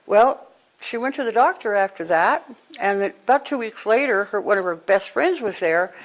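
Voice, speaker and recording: Telling stories to a live group as a spiritual teacher, a woman speaks in an animated, conversational way with sudden exclamations. She has a medium pitch and a normal speed, recorded with poor audio.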